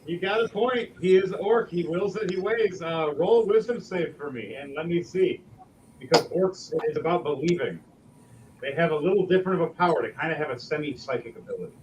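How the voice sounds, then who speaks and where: A man's voice: fairly high pitch, lively intonation, a little fast, a little mellow, recorded from a distance, highs cut off, a little hiss or hum. A man running a tabletop game as game master, narrating theatrically.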